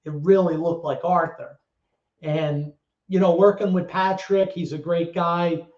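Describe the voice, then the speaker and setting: A man in his thirties, a guest telling a story in a casual interview, lively, swearing, and acting out other people's voices. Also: fairly high pitch, measured pace. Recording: echoey, dull lo-fi sound.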